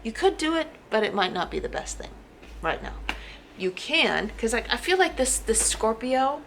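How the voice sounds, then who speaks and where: A woman giving a casual tarot reading to camera, talking in an animated way and repeating words for emphasis. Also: a little high, moderate pace, creaky, slight background noise. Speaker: tarot reader.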